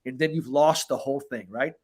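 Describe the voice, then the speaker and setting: A man's voice: medium pitch, a little fast. A man hosting a podcast as a coach, talking in a casual, emphatic way that is full of swearing. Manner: emphatic, profane, animated delivery. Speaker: podcast host and performance coach.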